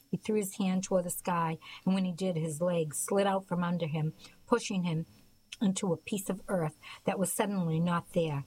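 Woman reading a novel aloud, lowish. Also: a little hiss or hum, rough recording. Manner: even, unhurried reading with small slips. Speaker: volunteer reader for a radio reading service.

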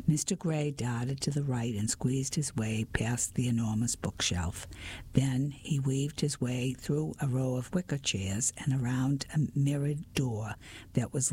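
A narrator reading a mystery story in a soft, steady whispered role-play. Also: medium pitch, husky.

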